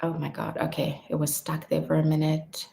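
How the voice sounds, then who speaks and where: A woman vlogger chatting casually through viewer questions, animated, laughing and trailing off now and then. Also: sits low, moderate pace, creaky, roomy sound, a little hiss or hum. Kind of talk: casual Q&A vlog chat.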